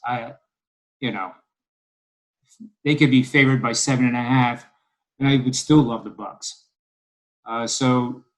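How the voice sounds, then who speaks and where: A man's voice: medium pitch, rough recording. A man from Philadelphia discussing sports bets on a podcast, rambling and wry with many ums and uhs. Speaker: sports betting analyst.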